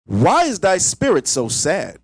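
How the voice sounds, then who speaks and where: Dry, steady male scripture reader. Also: high-pitched, husky, no room sound, poor audio. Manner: steady, measured reading. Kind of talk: reading scripture aloud.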